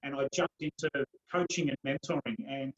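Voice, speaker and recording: A man's voice: medium pitch, steady tone, normal speed, roomy sound, highs cut off. A man telling his personal story as a guest in an interview. He now works as a coach and mentor, and he talks earnestly and with emphasis, often repeating words.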